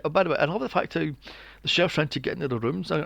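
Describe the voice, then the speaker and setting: A man hosting a podcast, recapping a film in casual chat, animated and sweary, acting out scenes in mocking voices. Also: on the high side, very fast, gravelly, dry recording. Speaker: podcast host. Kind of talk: casual movie review chat.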